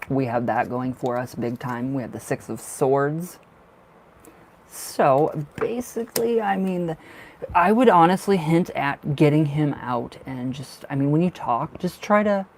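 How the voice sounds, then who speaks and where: A man's voice: medium pitch, a little mellow, slight background noise. A man giving a casual live tarot reading, talking loosely and repeating himself as he goes. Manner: casual, rambling, repeats words. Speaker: tarot reader.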